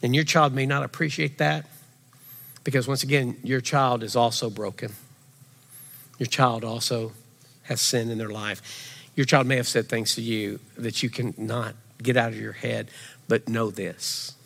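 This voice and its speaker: A male pastor delivers a sermon in a church sanctuary. His mid-range voice swings from loud, animated emphasis to quiet, intense stretches. Long reverb trails each phrase through the hall. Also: medium pitch, measured pace, gravelly.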